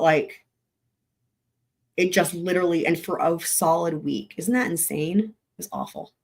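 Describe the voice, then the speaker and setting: A woman hosting a true-crime livestream, her voice still recovering from losing it, talking bluntly and emphatically and swearing freely. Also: fairly low pitch. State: voice still recovering after a week without it. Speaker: host.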